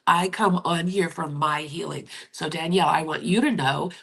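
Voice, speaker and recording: A woman in her fifties hosting a live-stream chat, talking gently and encouragingly as she reads out viewer comments, often dropping close to a whisper. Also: low-pitched, moderate pace, creaky, husky. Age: 50s. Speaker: livestream host.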